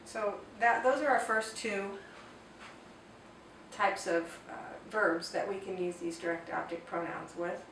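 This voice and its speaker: A woman teaching a grammar lesson at a board, explaining slowly and carefully and reading out Spanish example sentences. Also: medium pitch, steady tone, fairly bright tone. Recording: echoey room, distant mic, faint noise.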